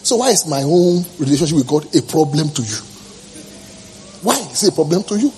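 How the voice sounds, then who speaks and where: A male pastor preaching a passionate sermon, swinging between quiet remarks and sudden shouts. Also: a little high, big pitch swings, a little fast, rough recording.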